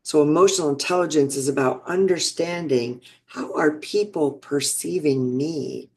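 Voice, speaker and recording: A woman's voice: low voice, normal speed, darkish tone, a little hiss or hum. Reflective woman in her sixties. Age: 60s. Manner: reflective, earnest, with frequent restarts. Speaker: interview guest, businesswoman. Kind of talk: personal storytelling.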